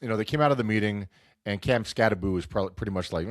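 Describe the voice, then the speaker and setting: A man's voice: fairly low pitch, fast talker, dry recording, clean studio sound. A man hosting a casual sports talk show, sounding nasal and stuffed up from a cold, rambling and cutting himself off. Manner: rambling, self-interrupting, acts out quotes. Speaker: sports podcast host.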